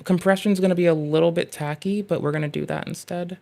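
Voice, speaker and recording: A streamer riffing through casual live reaction commentary, rambling from one tangent to the next and swearing freely. The voice sits at a mid pitch and is picked up close on a desk mic at a home setup. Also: steady tone, fast, creaky. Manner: rambling, profane, thinks out loud in riffs.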